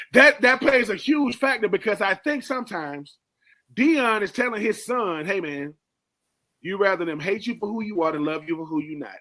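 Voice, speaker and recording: A sports radio co-host with a high-pitched, sharp voice delivers emphatic analysis. He repeats words for stress and addresses his partner directly.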